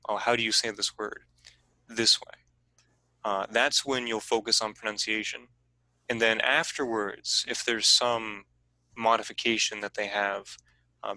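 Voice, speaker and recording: A man presenting a teaching workshop over a video call, explaining in a relaxed, conversational way. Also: fairly low pitch, no room sound, rough recording.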